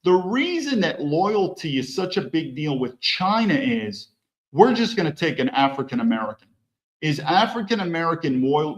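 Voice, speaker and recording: A man hosting a political commentary show, reacting bluntly to news clips with mocking asides. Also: fairly high pitch.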